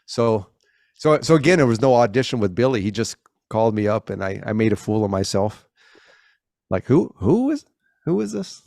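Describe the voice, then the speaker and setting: A middle-aged man, a guest in a casual interview, tells anecdotes in a brisk, lowish, darkish voice with fairly even intonation. He restarts and corrects himself often and acts out the voices he quotes. The recording is dry with clean studio sound.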